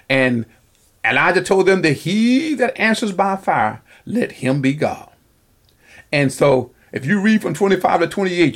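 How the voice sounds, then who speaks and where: A man's voice: a little high, gravelly, husky. A man preaching a sermon, rambling and often repeating words as he works through scripture. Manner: rambling, repeats words, pauses to find passages.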